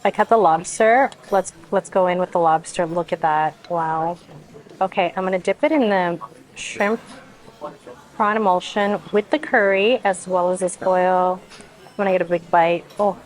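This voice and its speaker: A woman's voice: lowish voice, moderate pace, poor audio. A woman food vlogger tasting dishes and talking to the camera, effusive and exclaiming often as she eats. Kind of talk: casual food review to camera.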